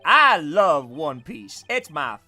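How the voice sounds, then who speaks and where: A man hosting a game playthrough, joking loudly and swinging between mock outrage and laughter. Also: on the high side, big pitch swings, slow pace, faint music behind. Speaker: let's play host. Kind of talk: casual gameplay banter.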